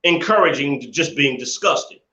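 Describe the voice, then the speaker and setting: A man's voice: a little high, expressive, brisk, sharp tone. Indignant man ranting on a live stream. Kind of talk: casual live-stream commentary. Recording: echoey room, dull lo-fi sound.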